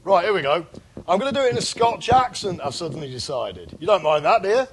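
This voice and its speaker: A man's voice: sits high, sing-song, fast, slight background noise. A man co-hosting a comedy podcast, chatting casually with playful, crude asides. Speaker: podcast co-host.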